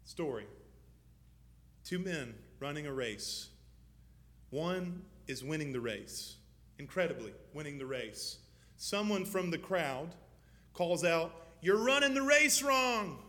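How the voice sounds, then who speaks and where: A man preaching a sermon as pastor, moving from low, measured teaching to loud, fervent exhortation. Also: expressive. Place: church.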